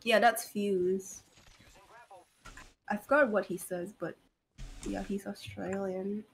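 A woman chatting casually with friends while streaming a shooter game, excitable and quick to laugh and exclaim. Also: medium pitch, vocal fry, breathy edge. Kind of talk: casual gaming chat with friends.

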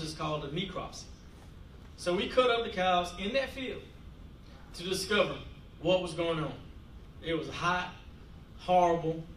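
A man's voice: on the high side, bright, forceful tone, slight background noise. A man, the author, reads his own book aloud as a story with small chuckles, then talks casually. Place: library event room. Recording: echoey room from far off.

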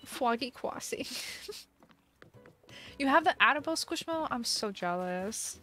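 Speaking at a measured pace, a young woman with a fairly high, expressive voice hosts a casual stream chat. She's talkative and giggly, reading her viewers' messages aloud against soft music.

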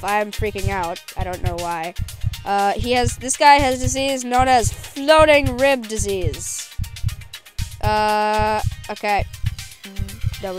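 A woman doing goofy, rambling let's play commentary, joking with her patient as she goes. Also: a little high. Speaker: gameplay commentator.

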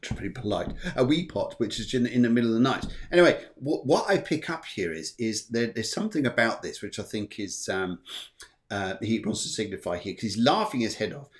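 A man's voice: fairly low pitch, big pitch swings, fairly quick. A man hosting a live psychic show, giving readings in a chatty, rambling way, correcting himself often and joking between readings. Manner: rambling, self-correcting, jokey, many fillers. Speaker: psychic medium and show host.

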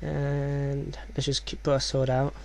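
Hushed gravelly-voiced man playing a game. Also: monotone, slow, slight background noise. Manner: hushed, keeps voice low; rambling, reads game text aloud. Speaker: let's play commentator. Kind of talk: let's play commentary.

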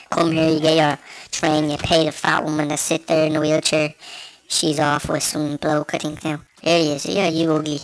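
A man with a Dublin Irish accent rambles through casual gameplay commentary into a small desktop microphone, cracking crude, self-mocking jokes. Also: fairly high pitch. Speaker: gamer.

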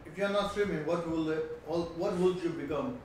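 Polite male guest, high voice, roomy noisy sound. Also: normal speed, a little mellow. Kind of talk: casual chat. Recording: very echoey room with background noise.

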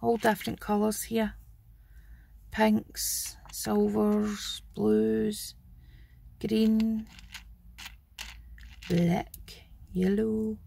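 A middle-aged Scottish woman talks through a craft haul in a chatty, homely way. Her voice has a gravelly edge and a husky, breathy grain. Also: medium pitch, little pitch movement, extremely slow, long pauses, dark tone. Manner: chatty and homely, fond of 'wee'. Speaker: craft channel host. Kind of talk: casual show-and-tell haul video.

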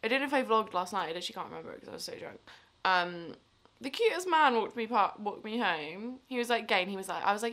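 It's late, and this woman in her twenties is drunk and tired as she chats to camera for her vlog, wandering off-topic with plenty of fillers. Her mid-range voice is animated, fast and a bit bright.

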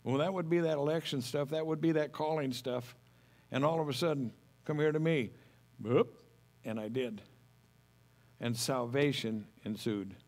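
A man's voice: mid-range voice, normal speed, a little mellow. A middle-aged man preaching a sermon as pastor, folksy and homespun, telling stories with humor.

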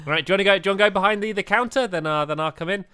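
A man's voice: high-pitched, racing, smooth. A man hosting a silly game let's play, chatting and laughing with his co-host. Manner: silly, animated, laughs often. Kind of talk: playful gaming chat with a co-host.

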